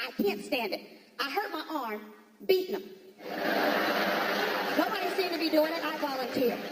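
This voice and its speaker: A woman performing a stand-up comedy routine on a theater stage, telling stories with punchy asides to the audience. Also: sits high. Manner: punchy, storytelling delivery with quick asides to the audience. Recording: echoey hall recording with crowd. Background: audience laughter.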